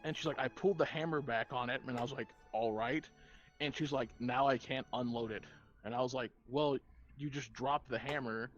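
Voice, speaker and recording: A man's voice: mid-range voice, fairly even intonation, fairly quick, highs cut off, soft background music. Man swapping profane gun-store stories. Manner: profane, tells anecdotes by acting out both sides. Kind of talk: casual chat while gaming on stream.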